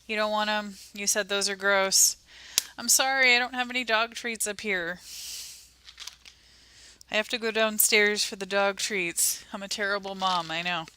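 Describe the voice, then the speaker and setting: A woman's voice: mid-range voice, fairly even intonation, normal speed, bright, forceful tone, clear, resonant tone. A woman hosting a casual livestream, chatting and talking sweetly to her pets. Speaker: livestream host.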